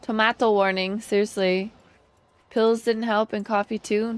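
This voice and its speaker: Slow-talking woman game streamer. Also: medium pitch. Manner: relaxed, chatty, answers chat and hums along while playing. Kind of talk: casual live-stream chat.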